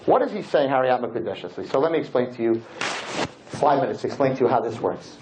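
A man teaching a class as a rabbi, telling stories in an animated, joking way and acting out the scenes. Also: medium pitch, fast. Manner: animated, jokey, acts out scenes. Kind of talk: lively storytelling lesson. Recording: dull lo-fi with faint noise.

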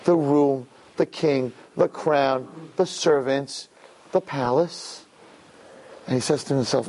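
A man telling a parable in a sermon, animated and building to impassioned peaks. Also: medium pitch, slow pace. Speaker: religious teacher. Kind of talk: sermon storytelling.

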